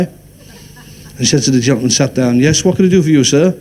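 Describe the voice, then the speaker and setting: A man's voice: medium pitch, brisk, long pauses, mellow, a little hiss or hum. A man telling jokes on stage in a chatty way, laughing at his own punchlines. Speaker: stand-up comedian. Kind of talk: stand-up joke telling.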